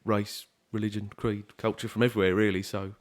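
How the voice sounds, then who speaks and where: Relaxed young man with a low voice. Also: fairly quick. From southeast England. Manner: easygoing, rambling with many fillers and restarts. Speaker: musician guest. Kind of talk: casual podcast interview.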